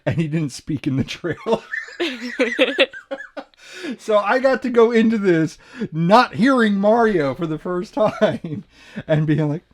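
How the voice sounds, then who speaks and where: A man's voice: sits high, lively intonation, normal speed. A man hosting a podcast, chatting casually, rambling and correcting himself, laughing often. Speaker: podcast host. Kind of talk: casual chat.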